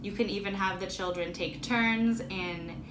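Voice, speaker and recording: A woman music teacher leading a children's rhythm lesson, explaining slowly and chanting words for clapping. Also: medium pitch, fairly even intonation, roomy sound, heavy background noise. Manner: slow, clear instruction with chanted, clapped words.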